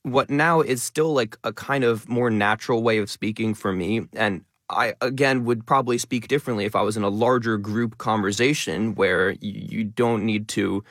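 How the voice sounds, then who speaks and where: A man being interviewed, talking quickly and explaining at length in a conversational way. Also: fairly low pitch, a bit bright, dry recording, clean studio sound. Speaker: guest.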